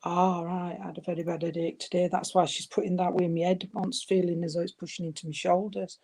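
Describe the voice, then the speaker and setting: A woman's voice: lowish voice, flat delivery, fast, warm tone. A woman giving a live mediumship reading, hesitant and affectionate, calling her listeners darling. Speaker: spiritual medium.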